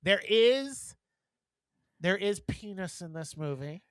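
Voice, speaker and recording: A man co-hosting a podcast, chatting casually in a blunt, profane, animated way. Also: high-pitched, takes it slowly, clean tone, dry recording. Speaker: podcast co-host. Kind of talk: casual chat.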